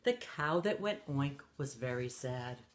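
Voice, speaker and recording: A woman reading a picture book aloud to children, animated and stopping to ask her young listeners questions. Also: very deep voice, unhurried, a little hiss or hum. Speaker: children's story reader.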